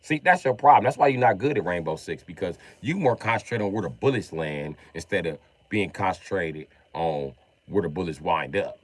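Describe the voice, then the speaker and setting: A man's voice: low voice, normal speed. A man on a live stream telling profane, jokey stories about playing games. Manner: profane, animated, jokey storytelling. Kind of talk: casual storytelling stream.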